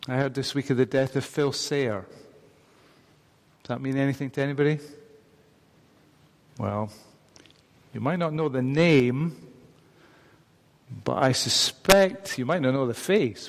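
A man preaching a sermon in a church, talking conversationally and putting questions to the congregation. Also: mid-range voice. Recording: long reverb of a large hall.

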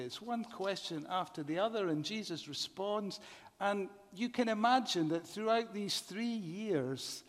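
A man preaching a sermon in a measured way, often asking the congregation rhetorical questions. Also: high-pitched. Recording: long reverb of a large hall.

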